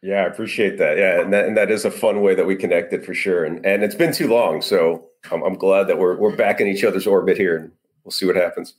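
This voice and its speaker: An easygoing male interview guest with a lowish voice who answers in a laid-back, playful manner. He sounds unhurried and friendly on a video call. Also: steady tone. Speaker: podcast guest. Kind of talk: casual interview chat.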